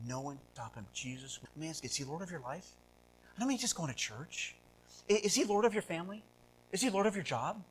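A male pastor preaching a sermon, asking rhetorical questions and swinging between loud, animated passages and hushed ones. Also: mid-range voice, a little fast, poor audio. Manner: rhetorical questions, repeats words.

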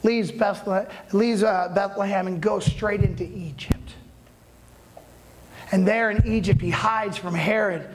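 A man preaching a sermon as a dramatic retelling, repeating words and building up to loud peaks. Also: high-pitched, fairly even intonation, a little slow, a little hiss or hum, low-quality recording. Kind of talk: storytelling sermon.

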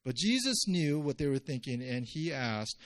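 A male pastor giving a conversational sermon, jumping his pitch up when he acts out quotes. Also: very animated, moderate pace.

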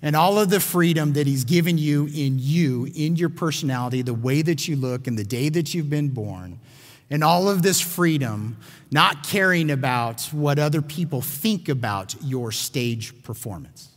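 A man's voice: on the high side, lively intonation, moderate pace, big-room sound. A man teaching a sermon on a Bible passage, earnest and emphatic, often restarting his phrases. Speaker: pastor.

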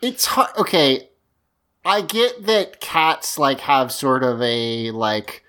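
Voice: mid-range voice, pushed and bright. A podcast co-host casually recapping an episode, laughing often. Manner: slow, laughing, recaps plot. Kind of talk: casual chat.

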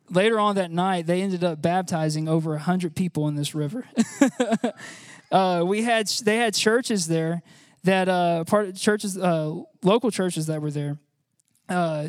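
A man giving an informal, chatty sermon, laughing often and filling pauses with "uh". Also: sits high, dry recording, clean studio sound. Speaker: church speaker.

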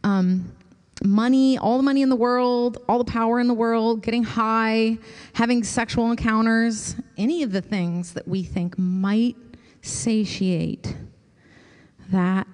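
A woman preaching a sermon and leading a slow, gentle scripture prayer with long pauses. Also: a little high, fairly even intonation, long reverb tail.

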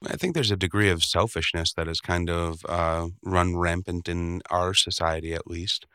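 A man co-hosting a podcast, laid-back and quick to laugh, dropping wisecracks. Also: sits low, steady tone, sharp tone, clean tone, no echo, clean studio sound. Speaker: podcast co-host. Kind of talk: casual comedic chat.

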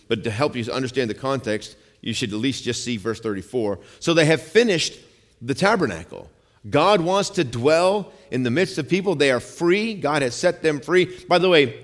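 A male pastor preaching a sermon in a conversational style, dropping low and quiet for some lines and rising for emphasis, asking the congregation for amens. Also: expressive, fairly quick. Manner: conversational preaching, calls out amen; shifts between quiet low lines and raised emphatic ones. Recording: long hall reverb.

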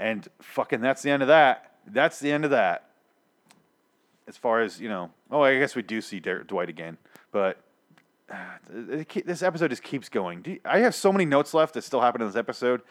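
A man's voice: on the low side, expressive. Swearing, exasperated young man ranting. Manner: profane, exasperated, sarcastic, halting restarts. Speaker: TV episode reviewer. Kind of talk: ranting casual recap.

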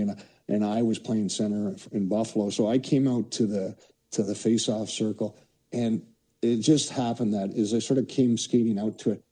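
Low husky older man telling stories. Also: mellow, rough recording. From Canada. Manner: rambling anecdotes full of "you know". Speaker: podcast guest, former hockey player. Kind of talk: casual storytelling.

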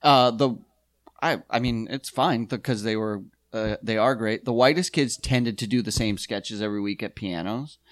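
A man's voice: lowish voice, normal speed, dry recording. A man in casual comedic podcast chat, rambling and swearing as he jokes with friends. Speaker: podcast co-host, sketch comedian.

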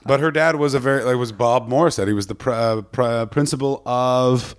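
A young man with a Canadian accent from the Ottawa Valley, a comedian chatting on a podcast with animated, swear-heavy storytelling. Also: medium pitch, fairly quick, noisy background. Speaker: comedian guest. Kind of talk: casual podcast chat.

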